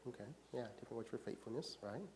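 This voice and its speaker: A man's voice: mid-range voice, lively intonation, fast talker, a little mellow, slight background noise. A man leading a church Bible study, teaching conversationally and often checking in with the group by asking "right?".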